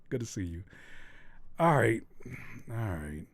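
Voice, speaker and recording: A man's voice: fairly low pitch, slow pace, creaky, long pauses, dry recording. A man hosting a livestream, chatting casually as he reads the chat and teases his viewers with mock scolding. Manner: animated, teasing, mock-scolding. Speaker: livestream host reading chat.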